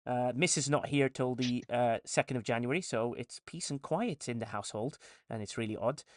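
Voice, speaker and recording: A man's voice: medium pitch, normal speed, no echo, clean studio sound. A man hosting a casual live stream, reading viewer chat comments aloud and answering them with frequent restarts.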